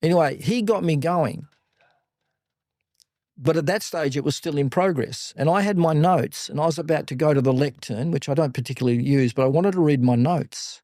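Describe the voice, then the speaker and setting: Older Australian man, warm blunt storyteller. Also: on the high side, normal speed, no room sound, clean studio sound. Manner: animated anecdotes, blunt and salty. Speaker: podcast guest, business mentor. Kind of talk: casual interview storytelling.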